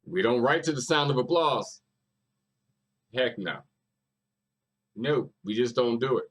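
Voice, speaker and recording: A man's voice: medium pitch, expressive, unhurried, heavy background noise. A man hosting a music reaction video, talking casually and emphatically, repeating lyrics and hyping up the artist.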